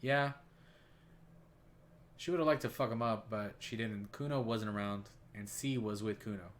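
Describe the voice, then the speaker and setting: A man's voice: lowish voice, moderate pace, a little hiss or hum, natural voice. A man voicing a brash, foul-mouthed twelve-year-old boy in a video game who refers to himself in the third person. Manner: swaggering, crude, refers to himself by name.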